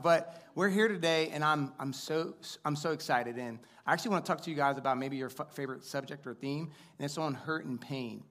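A man's voice: a little high, a little fast, hardly any pauses, fairly bright tone. Upbeat chatty man preaching to a congregation. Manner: chatty, upbeat, fillers and audience asides. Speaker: guest preacher. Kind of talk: sermon with casual storytelling. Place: church sanctuary before a congregation.

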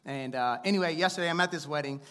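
Man, 30s, guest preacher, slightly high voice, chatty, upbeat, church stage mic. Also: fast talker, a bit bright. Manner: chatty, upbeat, fillers and audience asides. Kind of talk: sermon with casual storytelling. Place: church sanctuary before a congregation.

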